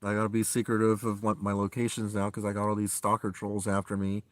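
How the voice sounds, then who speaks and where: A man live-streaming from inside his van, ranting angrily and swearing, his voice swinging between loud outbursts and low, tired muttering. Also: monotone, fast talker. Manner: heated and profane, swings from shouting to low muttering. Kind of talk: angry live-stream rant.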